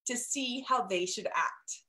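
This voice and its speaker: Woman host, 30s, conversational and chatty, a bit high-pitched. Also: slow pace, bright, forceful tone. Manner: chatty, laughs often, many restarts. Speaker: parenting podcast host. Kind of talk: casual conversation.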